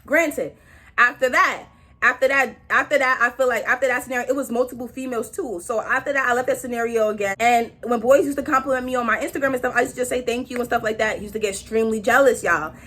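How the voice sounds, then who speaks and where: A young woman tells a storytime in casual, slangy speech. Her voice sits high and bright and swings up in pitch for emphasis. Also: fast talker. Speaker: vlogger.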